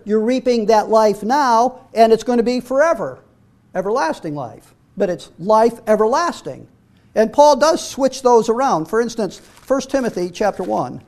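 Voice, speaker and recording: A man's voice: high-pitched, expressive, unhurried, darkish tone. A middle-aged man preaching a sermon, reading scripture aloud and often repeating words as he restarts his sentences.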